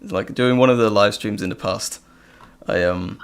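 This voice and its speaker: A man's voice: fairly low pitch, normal speed. A man hosting a casual live stream, reading chat questions aloud with frequent ums and hesitations. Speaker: live stream host and audio creator.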